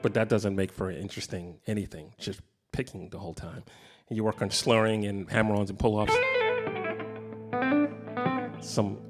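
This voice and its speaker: A middle-aged man giving a casual guitar clinic in a guitar shop, talking in a relaxed, rambling way with many fillers. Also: lowish voice, moderate pace, pauses often. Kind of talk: casual teaching talk. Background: guitar playing.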